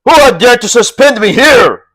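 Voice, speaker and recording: A man voicing a proud, desperate fugitive arms instructor in an audiobook, shouting defiance or pleading for help. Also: medium pitch, fairly quick, natural voice. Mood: indignant. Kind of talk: audiobook character voice.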